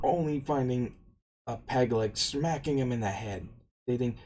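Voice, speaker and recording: A man's voice: medium pitch, moderate pace, warm tone, low-quality recording. A man casually retelling an anime story, meandering along and restarting his sentences often. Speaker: anime recap narrator.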